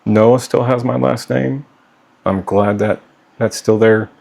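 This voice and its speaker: Gravelly-voiced father pleading to camera. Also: fairly low pitch, steady tone, slow, darkish tone. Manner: earnest, pleading, ends lines with "okay?". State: getting hot and worked up. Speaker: father addressing his children. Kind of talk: direct-to-camera personal vlog.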